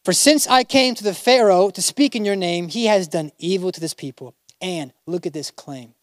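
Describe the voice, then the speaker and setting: A man's voice: high-pitched, brisk, few pauses, no echo, clean studio sound. A man preaching a sermon as a pastor, dramatically acting out biblical figures in casual modern speech.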